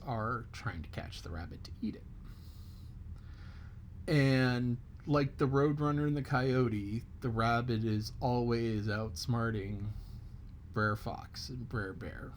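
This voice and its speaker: A man's voice: mid-range voice, takes it slowly, slight background noise. A man telling a folk tale in a casual, chatty way, stopping to explain things as he goes. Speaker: storyteller.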